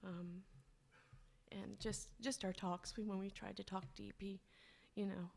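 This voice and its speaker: A woman giving a eulogy at a funeral service, speaking tenderly and haltingly as she remembers him. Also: mid-range voice, level tone, gravelly, darkish tone. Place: funeral home.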